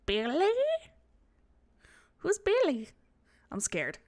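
A woman's voice: a little high, wildly swooping pitch, slow pace. A woman hosting a horror game let's play, jumpy and chatty, talking to the game's objects and squealing when startled. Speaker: gaming channel host. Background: eerie game music.

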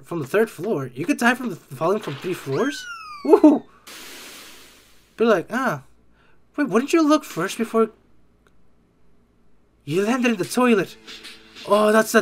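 Excitable jokey game reactor. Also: medium pitch. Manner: excitable, jokey, exclaims often and mimics characters. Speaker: reaction video creator. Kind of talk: casual game reaction commentary.

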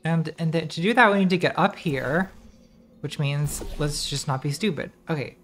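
A woman's voice: low voice, normal speed, faint music behind. A woman streamer giving casual, rambling commentary while playing a game, distracted and swearing as she talks to herself.

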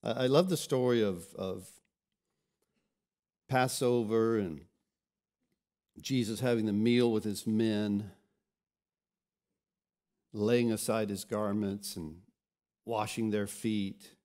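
A man's voice: lowish voice, steady tone, slow pace, long pauses, darkish tone. A pastor preaching a sermon, often repeating words as he restarts, and telling scripture stories dramatically.

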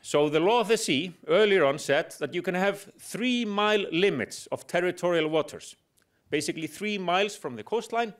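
Brief: middle-aged man lecturing in English, slightly high voice, wry humor, pauses on "uh". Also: lively intonation. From Iceland. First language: Icelandic. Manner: explanatory with dry humor, hesitant fillers. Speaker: guest lecturer. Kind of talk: public lecture.

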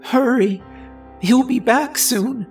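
Trapped nine-year-old boy, put on by a man, high, shaky and tearful, pleading, horror story read aloud. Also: animated, slow, gravelly, a little mellow, soft background music, heavily acted. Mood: terrified. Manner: trembling, crying, pleading.

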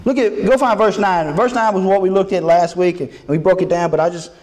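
A man, preaching a sermon in a folksy, animated way and acting out little dialogues with God. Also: high-pitched, a little fast, reverberant. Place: church sanctuary.

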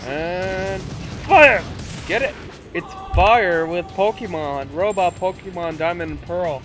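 A teenage boy casually commenting on his video game play, goofy and excitable, swearing and breaking into silly shouts. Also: sits high, unhurried. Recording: loud game music under voice. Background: video game music.

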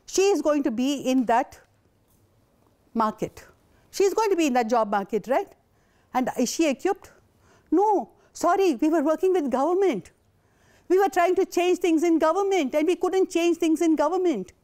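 High-pitched older woman speaking. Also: expressive, moderate pace, warm tone. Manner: passionate, indignant storytelling. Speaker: invited speaker. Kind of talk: conference talk.

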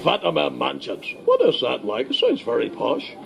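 A man playing a blustering old Northern Irish preacher-politician in a radio comedy sketch, with a gravelly Northern Irish voice and a gruff, crude, sarcastic manner. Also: medium pitch, huge pitch swings, moderate pace, a crowd in the background, full character voice. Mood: mock-innocent.

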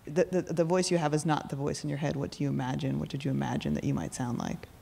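A woman's voice: sits low, fairly even intonation, fast talker, creaky, mellow, slightly rough. Curious woman interviewing on stage. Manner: curious, follows up, laughs lightly. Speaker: interviewer, culture reporter. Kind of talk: onstage interview.

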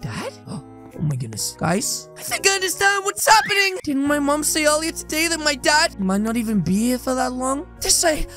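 Host, female, dramatic gameplay role-play commentary, high voice, music under. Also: moderate pace, hardly any pauses. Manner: dramatic, excitable, talks to viewers.

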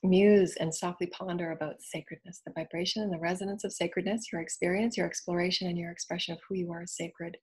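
Husky-voiced woman giving a spiritual talk. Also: on the low side, fairly even intonation, quick pace, few pauses. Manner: soft, repetitive affirmations; earnest, flowing, at times whispered. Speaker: spiritual teacher.

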